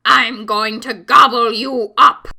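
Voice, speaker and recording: A woman voicing a greedy male troll under a bridge in a children's storybook, speaking slowly and loudly. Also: on the high side, fairly even intonation, vocal fry, full character voice. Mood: menacing. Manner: slow, loud and menacing.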